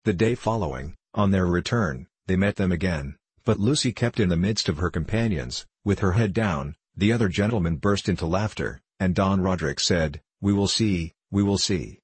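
A man reading a classic novel aloud as scripted narration, in a measured storytelling way. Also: low voice, lively intonation, husky, dry recording. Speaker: audiobook reader.

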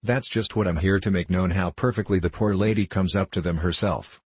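A man's voice: sits low, fairly quick, a little mellow, husky, no echo. A man reading as a firm, spirited older governess. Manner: firm, earnest. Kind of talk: audiobook reading.

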